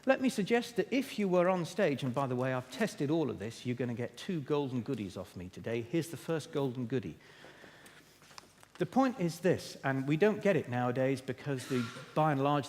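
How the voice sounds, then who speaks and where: A man's voice: mid-range voice, a little mellow, a little hiss or hum. Theatrical male keynote speaker in a hall. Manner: emphatic, theatrical, addresses the audience. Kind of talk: keynote talk. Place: stage in a conference hall. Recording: echoey hall.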